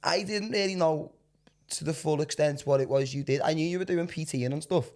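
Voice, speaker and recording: A man hosting a casual podcast chat in a fairly high voice. He laughs often and steers the talk with loose, friendly questions. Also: fairly quick, a little mellow. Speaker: podcast host.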